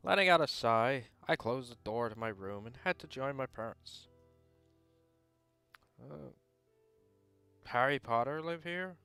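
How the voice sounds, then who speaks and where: A man's voice: medium pitch, lively intonation, a little slow, gravelly, long pauses, sharp tone, soft background music. A young man reading a visual novel aloud and rambling off into casual, mildly sweary asides. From England. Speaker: game streamer.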